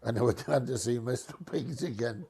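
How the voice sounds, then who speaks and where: An older man spins a reminiscing anecdote at an easy middle pitch. He chuckles now and then and slips into voices for the people he quotes. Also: vocal fry, dark tone, slightly rough. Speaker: retired bus driver.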